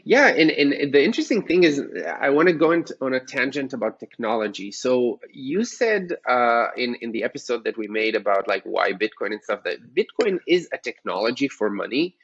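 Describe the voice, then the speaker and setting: A man's voice: medium pitch, very animated, fairly quick, hardly any pauses, fairly bright tone, slightly rough, muffled recording. A man co-hosting a podcast, explaining ideas with enthusiasm and many fillers. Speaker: podcast co-host. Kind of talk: casual chat about finance.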